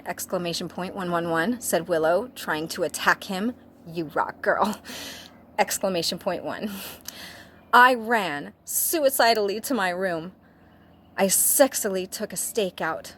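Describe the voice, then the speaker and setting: A woman reads fan fiction aloud slowly and deliberately, piling on mock drama. She breaks off now and then for dry, wry asides, against a faint background hiss. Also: fairly low pitch, a bit bright. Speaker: guest reader.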